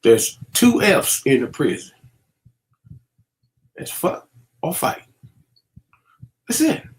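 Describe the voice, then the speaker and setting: Preachy man warning kids. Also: high voice. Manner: preachy, warning, streetwise slang with many fillers. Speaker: vlogger. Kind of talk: casual commentary.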